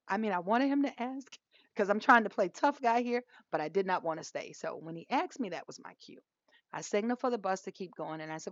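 Once more the woman in her forties tells a story on the podcast she co-hosts, laughing and acting out each side of the dialogue in lively, casual chat. She speaks a little fast in a mid-range voice. The recording is dry, dull and lo-fi.

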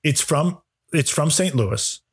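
Playful husky-voiced male podcast host. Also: a little high, expressive, slow pace. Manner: playful, laughs often. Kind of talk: casual comedic chat.

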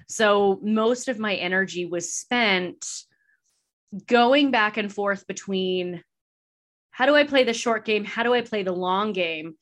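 A female podcast host answers questions in a casual conversational interview, reflecting candidly and laughing easily. Her voice is mid-range with a fairly bright tone.

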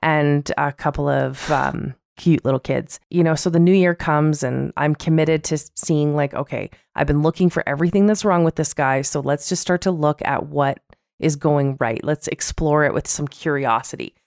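Woman podcast co-host, low voice, dry sound, chatty and frank. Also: moderate pace, creaky, no room sound. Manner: candid, animated storytelling with quoted voices. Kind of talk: casual chat.

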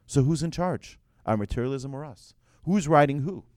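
Animated man teaching a religious lesson. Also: mid-range voice, normal speed, no room sound, studio quality. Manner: animated, asks rhetorical questions, tells anecdotes.

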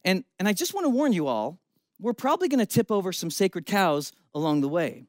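A man, a pastor, preaching a sermon with a lively storytelling delivery and shifting emphasis. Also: high-pitched, a little fast, no echo.

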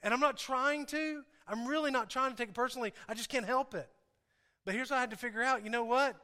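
A man with a high, bright, clear voice delivers a sermon to his congregation. He speaks earnestly and confessionally, leaning on repetition to drive his points home. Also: fast talker. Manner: earnest, repeats phrases for emphasis; confessional, talks straight to the congregation. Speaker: pastor.

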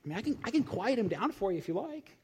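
A man doing a calm helpful angel. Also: high voice, fast, slight background noise, voice pushed up.

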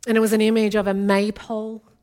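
A woman's voice: medium pitch, completely flat delivery, quick pace, darkish tone. A woman, from Australia, preaching an earnest and intimate sermon as a guest speaker.

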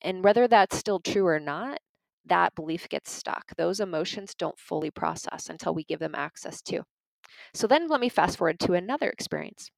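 A woman's voice: fairly low pitch, lively intonation, normal speed, gravelly, dry recording, low-quality recording. A woman giving an informal teaching talk on parenting and emotions, earnest and conversational, telling stories and speaking straight to her listeners. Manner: conversational, addresses listeners as "you guys"; earnest, storytelling.

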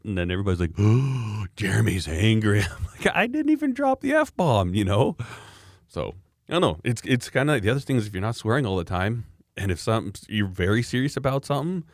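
A man with a very low voice chatting casually and rambling through a story, full of restarts and chuckles. The sound is dry and close, with no room around it. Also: no echo. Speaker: podcast co-host. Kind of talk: casual chat.

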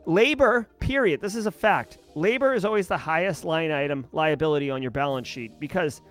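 Over soft background music, a livestream host with a fairly high, fairly bright voice speaks a little fast. He reads out news headlines, riffs on each in a chatty, casual way, and responds to the chat along the way.

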